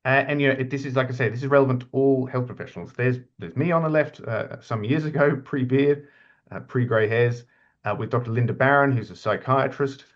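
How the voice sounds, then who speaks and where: A man's voice: mid-range voice, fast talker, dull audio. A middle-aged man gives an informal slide lecture as an academic lead, chatty, with many fillers and restarts. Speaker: university academic lead presenting a webinar.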